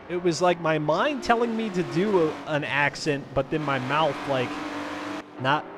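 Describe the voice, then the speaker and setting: A high-pitched man calls a live sim race for his stream, drifting into chatty asides with his viewers. Noise hums steadily behind his voice. The delivery is loose and rambling. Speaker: race commentator and stream host. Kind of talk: live sim racing commentary.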